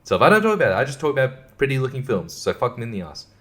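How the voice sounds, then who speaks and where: A man's voice: medium pitch, very animated, very fast, fairly bright tone. A man hosting a podcast alone, rambling in a sarcastic, profane way and chuckling to himself. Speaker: podcast host. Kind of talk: casual podcast monologue.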